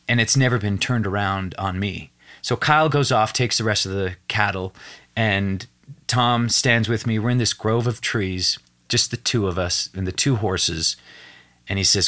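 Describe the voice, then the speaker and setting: Earnest lower-voiced man telling a story. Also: moderate pace. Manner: earnest, animated retelling with acted quotes. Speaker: podcast guest. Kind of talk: emotional personal storytelling.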